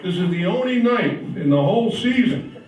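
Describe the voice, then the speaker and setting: A man's voice: sits high, animated, moderate pace, a little mellow. An older man emceeing a show and telling self-mocking jokes in stand-up style, through a hand mic in a large hall with an audience. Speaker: emcee and comedian. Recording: echoey hall, distant dull sound, noise.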